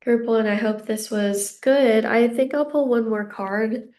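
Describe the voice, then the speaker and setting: A young woman giving a casual psychic tarot reading, a little out of breath, gentle and reassuring as she rambles with fillers. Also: a little high, unhurried. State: slightly out of breath. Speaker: tarot card reader.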